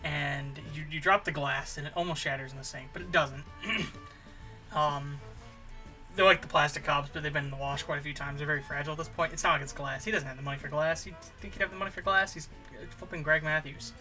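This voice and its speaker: A man spinning an improvised comic ramble, his voice very bright and a touch high. He keeps restarting and filling gaps with um's as he goes. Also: fairly even intonation, fast talker, faint music behind. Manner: rambling, full of fillers and restarts. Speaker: comedy channel host.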